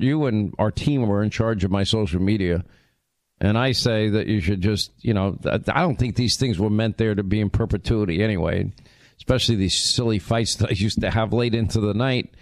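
A man's voice: fairly low pitch, no room sound. Guy hosting a political talk show, sarcastic asides, dry close mic. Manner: sarcastic, quick asides, frequent restarts. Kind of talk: opinionated commentary.

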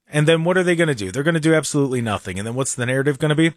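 A man with a fairly high voice that swings up and down as he talks. He is sarcastic and animated in casual chat, and his sound is close and dry. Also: racing, few pauses, no echo.

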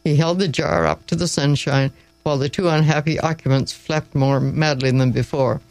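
A woman reading a story aloud in a measured, wry storytelling manner. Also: low voice, a little mellow, dry recording, soft background music, rough recording.

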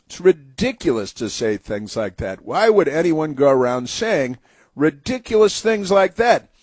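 A man's voice: a little high, very animated, unhurried, a little mellow, slightly rough, no echo. A man hosting political talk radio, rambling and mocking in a sarcastic tone. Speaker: radio host.

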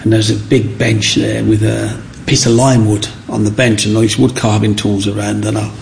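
Gravelly man telling his story. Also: lowish voice, normal speed, slight background noise. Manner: animated, acts out the people in his stories. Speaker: guest. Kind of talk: personal storytelling in an interview.

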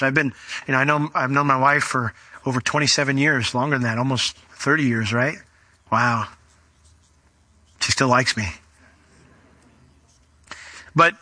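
A middle-aged man preaching a sermon, animated and acting out the voices he quotes. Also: fairly high pitch, dry recording. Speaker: pastor.

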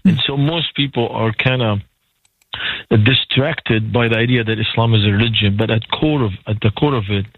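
A man's voice: medium pitch, brisk, dry recording. A man with a Lebanese accent calls into a radio show and speaks with earnest, preacherly conviction. His voice comes through a thin, tinny phone line with no room sound. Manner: earnest, preacherly, acts out quotes. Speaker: guest. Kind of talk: radio call-in guest testimony. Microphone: phone call.

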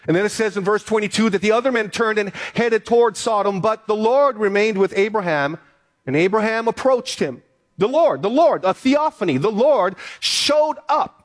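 A pastor preaching to his church, reading scripture aloud slowly and then building to an emphatic appeal. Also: high voice. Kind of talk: sermon.

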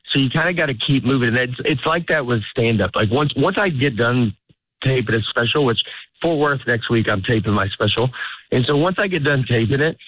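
Rambling comedian on a tinny line. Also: male voice, medium pitch, no echo. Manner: rambling, self-interrupting, storytelling delivery. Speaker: stand-up comedian guest. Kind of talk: casual interview chat. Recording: tinny phone-like radio sound.

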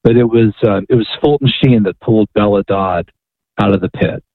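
The tinny phone line carries a fairly low male voice at normal speed, with no echo. He's an author calling in as a radio guest, eagerly recounting a story and repeatedly checking in with "right?"

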